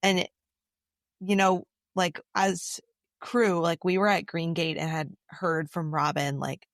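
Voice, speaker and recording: A woman's voice: lowish voice, level tone, unhurried, dry recording, clean studio sound. Hesitant, sympathetic woman co-host. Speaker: podcast co-host. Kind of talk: casual conversation.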